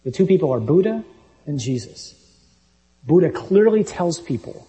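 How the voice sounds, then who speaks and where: A man's voice: on the high side, sing-song, moderate pace, dark tone, rough recording. A man preaching a sermon, reasoning emphatically and reading scripture passages aloud.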